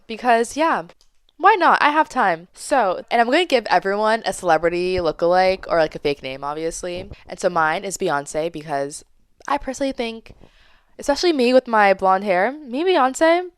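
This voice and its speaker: A young woman tells a dating story on her podcast, chatty and dramatic, acting out what other people said. Her voice is smooth and clear. The sound is close and dry. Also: medium pitch, no room sound. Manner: chatty, dramatic, acts out quoted lines. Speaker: podcast host. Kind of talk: casual storytime monologue.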